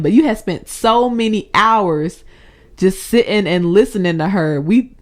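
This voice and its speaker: A woman's voice: mid-range voice, expressive, normal speed. Chatty young woman telling a story. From New Orleans family roots. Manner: chatty storyteller, laughs often. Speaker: podcast co-host. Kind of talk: casual chat.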